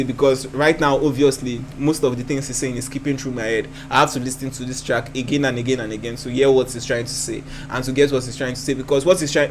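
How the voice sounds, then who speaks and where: A man's voice: medium pitch, slight background noise. A man hosting a reaction video, breaking down rap lyrics in a thoughtful way and often repeating himself as he thinks aloud.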